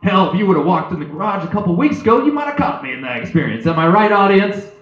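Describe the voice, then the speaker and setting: Animated young man doing stand-up. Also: quick pace. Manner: animated, jumps into loud high voices for characters. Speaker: stand-up comedian. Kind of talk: stand-up comedy set. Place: comedy club stage. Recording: echoey, dull low-fi live recording.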